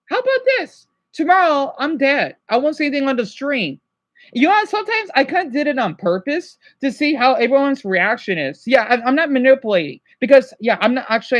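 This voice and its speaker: High-pitched guy scolding his stream chat, voice swinging up and down, tired and fed up. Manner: agitated, exasperated scolding; tired, sighing. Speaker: livestreamer. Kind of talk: livestream rant to chat.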